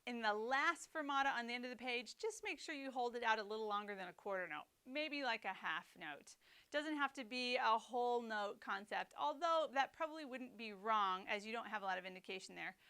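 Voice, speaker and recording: A woman with a bright, crisp voice, pitched a little high, teaching snare drum technique. She explains rhythms and phrasing step by step, clearly and methodically. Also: animated, brisk. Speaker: percussion teacher. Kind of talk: instructional lesson.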